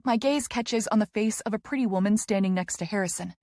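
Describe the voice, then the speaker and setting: A woman's voice: medium pitch, brisk, mellow, no echo, clean studio sound. Woman narrating an emotional audiobook. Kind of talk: first-person audiobook narration.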